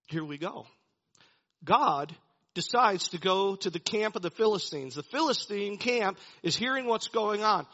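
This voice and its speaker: A man's voice: high voice, bright, forceful tone. A man preaching a sermon, animatedly retelling a Bible story and chuckling as he goes. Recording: dull lo-fi recording.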